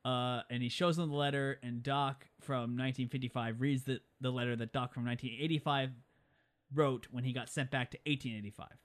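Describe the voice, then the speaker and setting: A young man in casual chat, recapping a film in an animated way and breaking into high impressions now and then. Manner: rapid and animated, jumps into high-pitched impressions.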